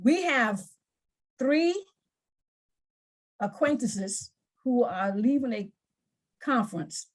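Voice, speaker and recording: A woman's voice: on the high side, animated, slow pace, pauses often. A woman anger management coach in an interview, explaining earnestly with examples and often repeating words.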